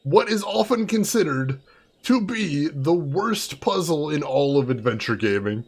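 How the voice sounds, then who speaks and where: A man's voice: on the high side, expressive, unhurried, breathy edge. A man commentating a video game playthrough, sarcastic and amused, talking to his chat. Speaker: game streamer. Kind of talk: let's play commentary.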